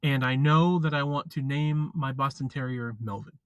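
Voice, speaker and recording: A man chatting casually on a live stream, rambling and halting with lots of fillers and restarts. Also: medium pitch, fairly even intonation, a bit bright, clean tone, no echo. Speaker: vlogger.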